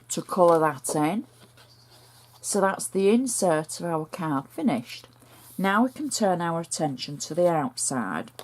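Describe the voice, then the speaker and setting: A woman with a northern English accent walks through a handmade card, step by step. Her voice sits low and she takes her time, chatty and homely as she explains each stage of the craft. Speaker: crafter demonstrating a card project.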